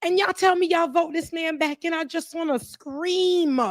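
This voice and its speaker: A woman's voice: very high-pitched, fairly even intonation, moderate pace, no room sound, clean studio sound. A woman talking politics in a casual chat, exasperated and emphatic, acting out what others say. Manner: exasperated, emphatic, acts out quotes. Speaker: guest commentator.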